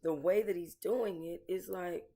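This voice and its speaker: A woman's voice: on the low side, steady tone, a little slow, mellow. A woman hosting casual commentary, talking bluntly and emotionally to her viewers, swearing and calling them y'all. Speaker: commentary channel host.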